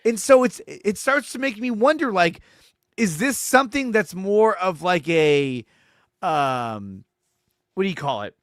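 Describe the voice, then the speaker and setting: A man with a high voice, recorded close and dry, argues his case bluntly. He swears freely and gets loud when a point hits home. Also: expressive, unhurried, no room sound. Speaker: co-host of a sports podcast. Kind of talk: casual sports talk.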